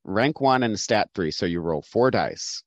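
A man's voice: on the low side, animated, normal speed, no room sound. A man running a tabletop game as game master, patiently explaining the rules and narrating the scene.

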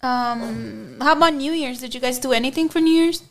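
A woman's voice: sits high, moderate pace, gravelly, fairly bright tone, a little hiss or hum. A young woman hosting a podcast, chatting casually and bluntly, swearing freely as she tells a story. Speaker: podcast host. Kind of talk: casual chat.

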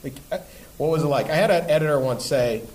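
A man's voice: fairly high pitch, fast, a little mellow, low-quality recording. A man who is a guest sports columnist on a podcast, talking before a live audience in a rambling way with restarts and emphatic swearing.

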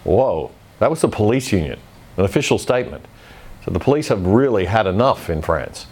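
A man's voice: on the low side, sing-song, brisk, a little mellow, breathy edge. Blunt male news host. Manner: blunt, opinionated delivery. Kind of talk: scripted news commentary.

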